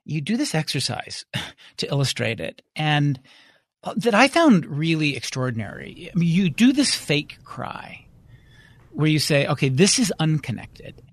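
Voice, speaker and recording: A male radio host interviewing a guest in a measured, curious way. His pitch moves a lot, rising and falling across each question. The sound is dry and close, with almost no room echo. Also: sing-song.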